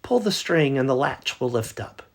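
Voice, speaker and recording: A man's voice: medium pitch, expressive, moderate pace, pitched above the performer's own voice, lightly acted. A man voicing a frail old grandmother in a bedtime story. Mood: welcoming.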